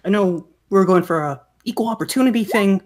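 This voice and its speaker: A woman voicing a nervous, scheming gnome pirate captain who stammers and flatters. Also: mid-range voice, a little fast, natural voice.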